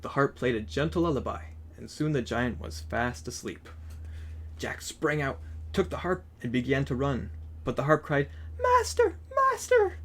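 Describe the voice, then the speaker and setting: Husky-voiced man reading a picture book. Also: mid-range voice, normal speed. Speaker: storyteller.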